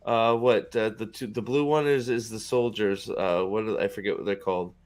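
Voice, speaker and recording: A man's voice: lowish voice, steady tone, normal speed. A man hosting casual reaction commentary on video clips, rambling and joking crudely. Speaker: host.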